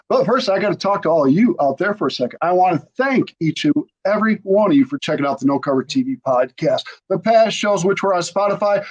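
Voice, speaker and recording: A man hosting a podcast interview with enthusiastic, hyped promotional delivery, talking over a video call. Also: on the high side. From Michigan. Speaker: podcast host.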